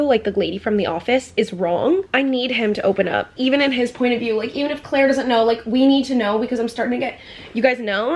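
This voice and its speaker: A woman chatting casually in a reading vlog, emphatic and full of "like", with some swearing. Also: a little high. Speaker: book vlogger.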